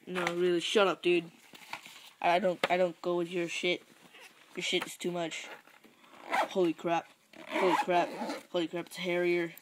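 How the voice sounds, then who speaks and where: A woman's voice: lowish voice, monotone, normal speed, long pauses, background noise. A woman chatting casually and goofily, exclaiming a lot and swearing. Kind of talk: casual chat.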